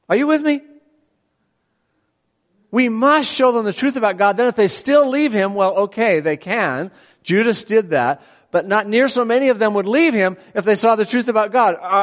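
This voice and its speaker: In a large hall, a middle-aged preacher with a high-sitting voice delivers his sermon like a conversation, full of energy and frequently asking the congregation questions.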